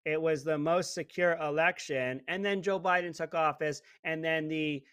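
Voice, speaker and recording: A man with a notably high voice rants indignantly as a talk radio host, full of sarcasm. The sound is dry and close, with no room around it. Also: fairly even intonation, moderate pace, fairly bright tone, clear, resonant tone, no echo. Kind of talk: opinionated talk radio monologue.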